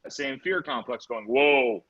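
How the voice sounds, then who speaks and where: A man with a medium-pitched voice giving a motivational sales-training talk. He tells animated, energetic stories to make his points. The recording sounds slightly muffled. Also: moderate pace. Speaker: real estate sales trainer.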